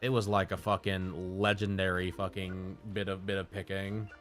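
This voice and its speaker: Dude streamer going on about his buddy, swears a ton, kinda low voice, bit of music behind. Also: flat delivery, moderate pace, a bit bright. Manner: rambling, profane storytelling. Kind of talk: casual livestream chat.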